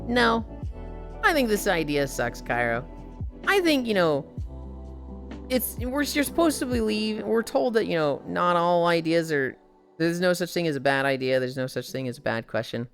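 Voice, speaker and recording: A woman's voice: on the low side, sing-song, normal speed, soft background music. A woman in her twenties streaming casually, telling profane stories and reading chat aloud.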